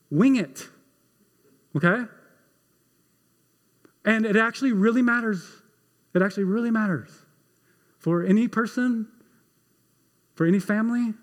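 Middle-aged pastor with a higher voice in a reverberant hall. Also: male voice. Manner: conversational, emphatic repetition, self-deprecating humor. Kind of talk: sermon.

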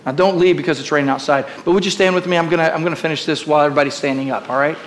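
A middle-aged man preaching a sermon, telling stories and rising to impassioned shouts. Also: a little high, fairly even intonation, very fast, a little hiss or hum. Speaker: pastor.

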